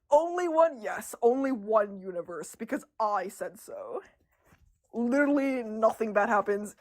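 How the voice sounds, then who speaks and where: A young woman artist chatting casually on a livestream about her drawings, excitable and giggly, laughing often. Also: a little high, measured pace.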